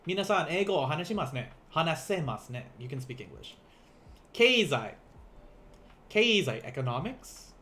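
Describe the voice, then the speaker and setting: A young man teaching beginner vocabulary in a casual livestream, playful and quick to laugh, repeating each word slowly for learners. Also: on the high side, very animated, fairly bright tone. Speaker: language teacher.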